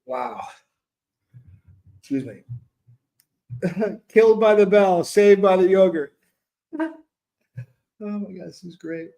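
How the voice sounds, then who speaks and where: A man's voice: high-pitched, takes it slowly, long pauses, warm tone. A man in his fifties hosting a casual live stream, reading viewer comments aloud and laughing often. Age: 50s.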